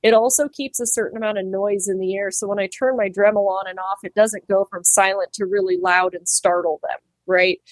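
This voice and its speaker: A woman's voice: mid-range voice, fairly quick, hardly any pauses, no echo. Chatty woman pig trimmer, dry sound. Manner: animated, acts out quoted voices, laughs easily. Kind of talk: casual interview talk.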